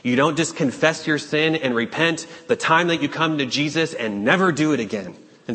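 A man preaching a sermon, urgent and questioning, with dramatic pauses. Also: a little high, sharp tone. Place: church sanctuary. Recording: long hall reverb.

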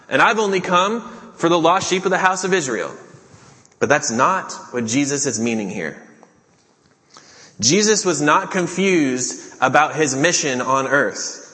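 A man's voice: mid-range voice, a bit bright. A man preaching an earnest sermon as pastor, reading and explaining scripture. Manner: earnest preaching, acts out the disciples' pleas. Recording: long hall reverb.

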